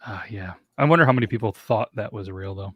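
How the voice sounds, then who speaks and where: A man's voice: lowish voice, fast talker, breathy edge, no echo, dull audio. Laid-back podcast man, dry sound. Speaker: podcast co-host. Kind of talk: casual chat.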